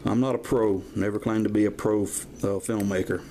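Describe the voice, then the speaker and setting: A man's voice: fairly low pitch, fairly even intonation, a little fast, warm tone, slight background noise. A man, rambling in a folksy way through a casual show-and-tell of his toy collection, recorded on a camera mic at home. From Georgia, US. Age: 50s. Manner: rambling, folksy, drifts into stories. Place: at home, filming toys on camera.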